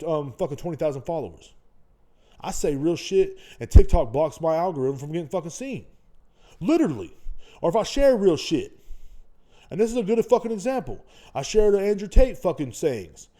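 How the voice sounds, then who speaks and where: A man's voice: sits high, very animated, fairly quick, dark tone. A man hosting his own podcast, talking bluntly in a casual monologue full of swearing. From United States. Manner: blunt, ranting, heavy swearing. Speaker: podcast host. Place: at home indoors.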